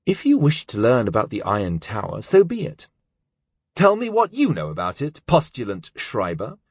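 A man's voice: lowish voice, wildly swooping pitch, moderate pace, breathy edge, no room sound, clean studio sound, heavily acted. A man voicing a stern, cold older male scholar in an audiobook, with a clipped, cutting manner. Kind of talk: audiobook character voice.

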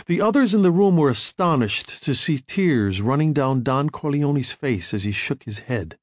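A man narrates an audiobook with expressive storytelling. His voice is mid-range and moderately paced, and the recording is dry and studio quality.

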